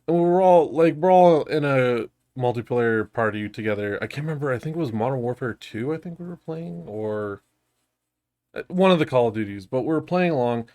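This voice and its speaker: A man's voice: medium pitch, expressive, fairly quick, dark tone. A young man co-hosting a podcast, telling stories in casual chat, laughing often and swearing a lot. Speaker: podcast co-host.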